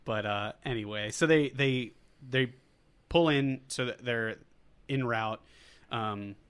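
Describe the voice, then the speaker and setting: Podcast co-host, man, relaxed and chatty, repeats favorite lines with a laugh. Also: mid-range voice, slow pace, smooth. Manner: laid-back, echoes quotes back and laughs. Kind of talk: casual movie podcast chat.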